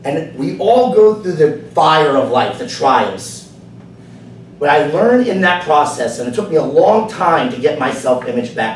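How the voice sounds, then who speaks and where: A man delivers a prepared personal story to a club audience, dropping his voice low and then rising to emphatic points. He is heard from across an echoey meeting room, with a faint hiss underneath. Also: sing-song, unhurried, distant mic. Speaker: club speaker. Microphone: far camera.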